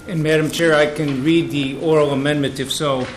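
A man reading an oral amendment aloud to a committee, slowly and deliberately. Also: on the high side, fairly even intonation, a little hiss or hum, rough recording. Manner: deliberate, reads text slowly. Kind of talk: formal committee testimony. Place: legislative hearing room.

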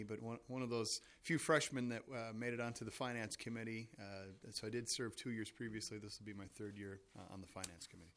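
A man's voice: medium pitch, a bit bright, slight background noise. Hesitant man introducing himself. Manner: hesitant, with many uh fillers. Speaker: state senator. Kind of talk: self-introduction at a hearing. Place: hearing room.

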